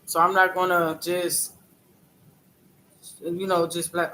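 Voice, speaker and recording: A man chatting on a live stream, telling a story haltingly, repeating phrases and greeting viewers by name. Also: sits high, little pitch movement, bright, forceful tone, rough recording. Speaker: livestreamer. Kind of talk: casual live-stream talk.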